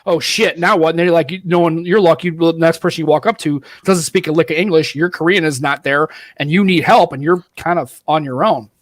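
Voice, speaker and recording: A man hosting a podcast in casual chat, telling stories in an animated, profane way. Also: a little high, a little fast, few pauses, dry recording. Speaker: podcast host.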